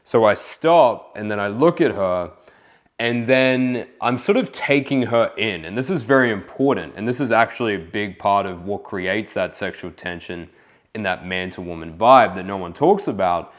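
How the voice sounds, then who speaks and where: A young man with a fairly low voice talks through a dating lesson in voice-over. His delivery is relaxed and chatty, scattered with casual fillers. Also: moderate pace. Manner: relaxed, casual, lots of "like" and "kind of". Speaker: dating coach. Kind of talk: voice-over commentary on infield footage.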